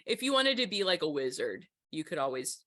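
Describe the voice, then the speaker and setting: A woman's voice: low-pitched, sing-song, fairly quick, bright, forceful tone, dry recording, studio quality. A woman hosting a podcast interview, chatty and enthusiastic, laughing often. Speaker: podcast host. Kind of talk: casual interview chat.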